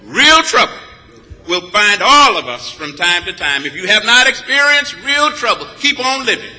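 High, bright-voiced preacher from Texas. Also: male voice, expressive, normal speed. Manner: rhythmic, emphatic, with repeated phrases. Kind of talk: sermon. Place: church sanctuary. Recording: long reverb of a large church. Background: congregation answering back.

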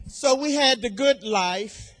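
Older woman preacher, very unhurried delivery, builds to loud repeated declarations. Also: on the high side, slight background noise. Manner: slow and deliberate, swelling to loud emphatic declarations; repeats key phrases for emphasis. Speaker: speaker at a women's church gathering. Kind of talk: sermon testimony.

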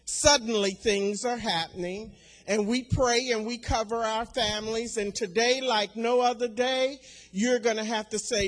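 An older woman giving a sermon testimony, slow and deliberate, swelling to loud emphatic declarations and repeating key phrases. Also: a little high, steady tone. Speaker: speaker at a women's church gathering.

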